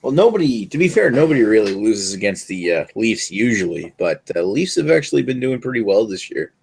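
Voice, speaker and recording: A man's voice: fairly low pitch, very animated, brisk, vocal fry, darkish tone, slightly rough. A man co-hosting a podcast, chatting eagerly and asking questions. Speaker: podcast co-host. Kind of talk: casual chat.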